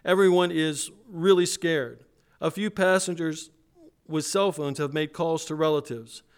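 A man's voice: a little high, steady tone, unhurried, clear, resonant tone, pitched above the performer's own voice. A man preacher reading aloud the words of a frightened male airline passenger on an emergency call, in an urgent, pressed way. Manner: urgent, pressed, raised read-aloud delivery.

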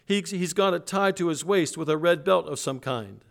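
A man's voice: fairly high pitch, normal speed, creaky, pitched above the performer's own voice. A man preacher reading aloud the words of a frightened male airline passenger on an emergency call, in an urgent, pressed way. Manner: urgent, pressed, raised read-aloud delivery.

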